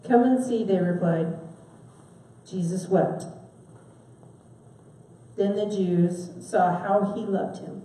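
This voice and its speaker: A woman giving a sermon, asking her listeners questions and stressing key words with soft pauses. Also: medium pitch, a little hiss or hum. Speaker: preacher. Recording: very echoey, from far off the mic.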